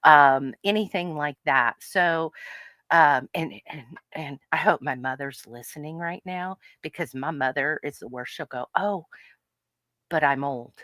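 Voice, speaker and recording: A woman's voice: deep voice, unhurried, dry recording. A middle-aged woman co-hosting a casual podcast as a health coach, telling stories with frequent laughs and acted-out quotes. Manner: animated storyteller, laughs often, acts out quotes. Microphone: podcast microphone.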